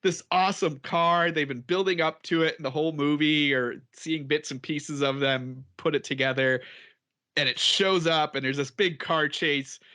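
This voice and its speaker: A man with a bright, forceful voice chatting casually on a podcast. He rambles and chuckles often as he talks things through. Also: on the high side, steady tone, moderate pace. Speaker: podcast co-host. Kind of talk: casual chat.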